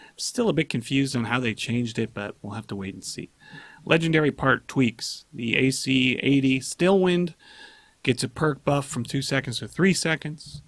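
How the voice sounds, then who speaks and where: A man's voice: mid-range voice, a little fast, fairly bright tone, no echo. Chatty male gaming host, dry sound. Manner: chatty, joking, reads patch notes aloud. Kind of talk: casual gaming news commentary.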